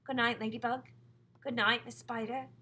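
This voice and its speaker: A woman's voice: on the high side, level tone, normal speed, bright, forceful tone, a little hiss or hum. A woman reading aloud, voicing a curious, polite young boy in a storybook, asking questions and whispering. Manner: wondering, questioning.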